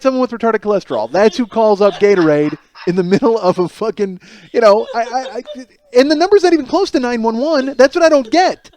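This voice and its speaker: A man's voice: sits high, lively intonation, brisk, a little mellow. A man in his forties hosting a solo comedy podcast, ranting in disbelief and rambling through a story with plenty of profanity. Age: 40s. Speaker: podcast host.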